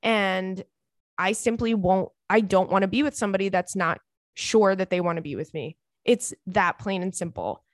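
A woman's voice: medium pitch, normal speed, no echo, clean studio sound. A young woman hosting a podcast, giving listeners frank, casual advice and swearing freely. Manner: blunt, candid, swears freely. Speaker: podcast host.

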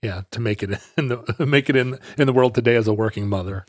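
A man's voice: medium pitch, fast, dry recording, studio quality. A man in casual chat who asks questions and throws in wry jokes. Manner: wry, joking interjections and questions.

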